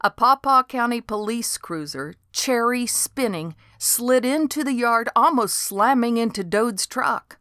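A woman's voice: a little high, animated, measured pace, few pauses, fairly bright tone, dry recording. A woman narrating a storybook in a dry, wry delivery.

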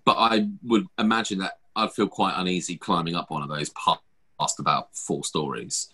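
A man's voice: sits low, steady tone, normal speed, bright, forceful tone, slightly rough. A man hosting a podcast, chatting casually and rambling with lots of fillers and restarts. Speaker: podcast host. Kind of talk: casual chat.

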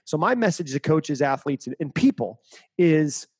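A man's voice: fairly high pitch, animated, moderate pace, darkish tone, slightly rough, no echo. A middle-aged man giving interview answers as a mental performance coach, speaking emphatically and repeating key phrases.

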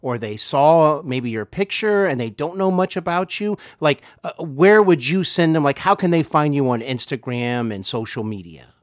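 A man's voice: fairly high pitch, animated, normal speed, few pauses, no echo, studio quality. A man hosting an interview, asking easygoing questions with some "uh" and "um" hesitations. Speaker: podcast host.

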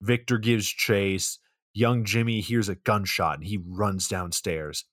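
A man's voice: on the low side, fairly even intonation, slow pace, a bit bright, no echo, studio quality. A man co-hosting a podcast, recapping a movie with sarcastic, profane play-by-play narration. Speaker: podcast co-host.

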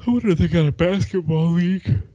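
A man's voice: sits high, fast, mellow, no room sound, highs cut off. A young man in casual chat, laid-back and swearing, laughing easily.

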